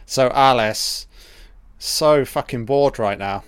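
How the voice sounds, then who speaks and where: A man's voice: mid-range voice, steady tone, slow, clear, resonant tone, no echo, clean studio sound. A man giving a casual, profane audio commentary over a film, joking and talking back at the characters.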